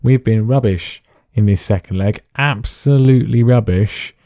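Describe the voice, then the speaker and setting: Male gaming host, low and mellow, dry wry play-by-play with lots of ums, recorded dry. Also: a little slow, dry recording. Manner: dry, self-deprecating play-by-play with frequent fillers. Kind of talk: casual gameplay commentary.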